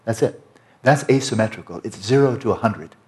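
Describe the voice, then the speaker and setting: A man's voice: fairly low pitch, lively intonation, brisk. An American man giving a conversational dharma talk to retreat students, emphatic and often checking in with "right?". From United States. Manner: emphatic, conversational, repeats tag questions. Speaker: meditation teacher.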